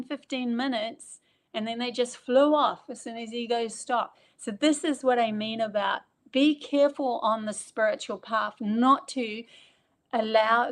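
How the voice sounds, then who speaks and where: A woman speaks as an interview guest, telling a spiritual anecdote with lively energy. She acts out what people said, her voice leaping high for the quotes. Her voice sits at an ordinary middle pitch. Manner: animated, acts out quoted remarks with big pitch jumps. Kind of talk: spiritual storytelling in conversation.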